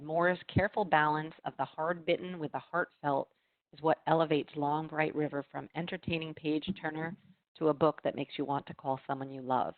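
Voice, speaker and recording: Low-voiced woman on a tinny call. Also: no room sound. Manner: reads blurbs with frequent ums and uhs. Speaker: library marketing host. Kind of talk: casual book recommendation chat. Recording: tinny dry video call audio.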